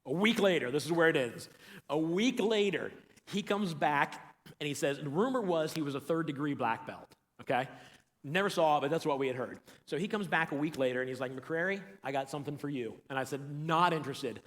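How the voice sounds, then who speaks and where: A man's voice: a little high, lively intonation, brisk, fairly bright tone. A man co-hosting a church show, telling a funny story in a casual way, acting out the other people's lines and laughing often. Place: large empty church auditorium. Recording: long hall reverb.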